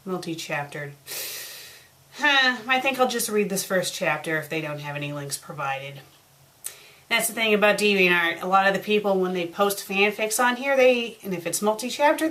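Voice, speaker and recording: A woman's voice: medium pitch, expressive, normal speed, a bit bright. A woman reviewing fan fiction online, sarcastic and exasperated, with heavy sighs. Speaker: fanfic reviewer.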